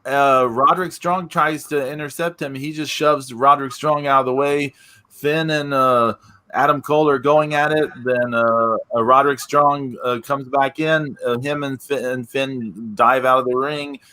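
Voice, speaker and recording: A man's voice: mid-range voice, fairly even intonation, moderate pace, sharp tone. A man co-hosting a casual podcast, recapping events with lots of hesitant fillers. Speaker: podcast co-host.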